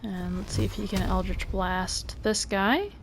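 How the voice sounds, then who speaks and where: A woman hosting a let's play, quietly talking through her moves with frustrated asides. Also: mid-range voice, fairly even intonation, unhurried, very noisy. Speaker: gaming video host.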